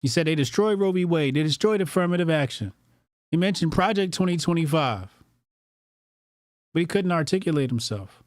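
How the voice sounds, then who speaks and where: Guy doing a blunt cussing commentary stream, voice sits kinda high, dry close sound. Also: animated, moderate pace, pauses often, dry recording. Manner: blunt and profane, with lots of repetition. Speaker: political commentary host. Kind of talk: livestream commentary, reading viewer donations.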